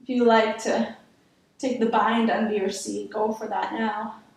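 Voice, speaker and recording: A woman's voice: medium pitch, level tone, unhurried, vocal fry, distant mic. A woman yoga instructor guiding a workout class, encouraging and counting down reps. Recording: echoey room, voice from off-mic.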